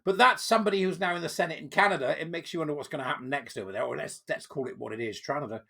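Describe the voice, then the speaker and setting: Gravelly sarcastic man. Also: fairly high pitch, rapid-fire, a bit bright. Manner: sarcastic, mocking, chuckling. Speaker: channel host. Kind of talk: reading aloud and commenting.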